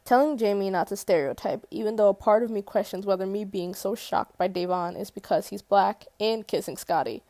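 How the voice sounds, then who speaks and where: A woman's voice: mid-range voice, fairly even intonation, fairly quick, hardly any pauses, darkish tone, no echo. A woman reading a first-person novel aloud in a casual way, correcting her slips and swearing at them. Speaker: audiobook reader.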